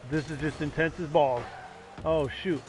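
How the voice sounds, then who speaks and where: Guy on a game stream, hyped and jokey, slightly high voice, faint hum behind. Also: normal speed. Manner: excitable, yells hype at the game; joking, self-mocking. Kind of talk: casual gaming stream commentary.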